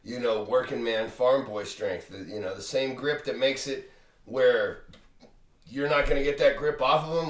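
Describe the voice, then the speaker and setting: A man's voice: medium pitch, recorded from a distance. A man co-hosting a casual podcast, rambling loosely with crude jokes and lots of "dude" and "like". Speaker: podcast co-host. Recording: roomy sound, a little off the mic.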